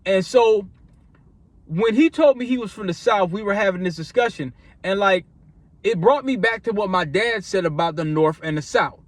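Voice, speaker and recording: A man's voice: high voice, normal speed, dry recording. A man from Minnesota telling a casual storytime, loose and rambling, with many restarts and repeats. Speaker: vlogger.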